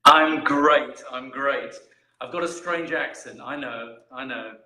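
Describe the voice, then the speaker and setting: A man, a guest on a live video stream, friendly and polite and quick to laugh. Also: mid-range voice, echoey room, a crowd in the background, rough recording.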